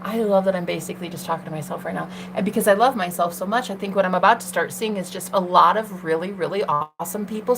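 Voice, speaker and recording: A woman's voice: lowish voice, fast talker, vocal fry, hardly any pauses, a little hiss or hum. A young woman hosting a tarot livestream, talking in a sassy, swearing, casual monologue to herself and her chat. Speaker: tarot reader and livestream host.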